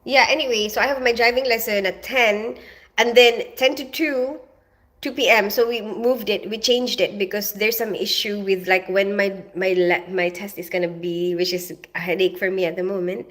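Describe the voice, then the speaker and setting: Her voice sits in the mid range, fairly bright and fairly even, at a moderate pace. The middle-aged, half Filipino, half British woman chats casually on her live stream, greeting viewers by name, reading out their comments, and rambling with plenty of "like" and "you know."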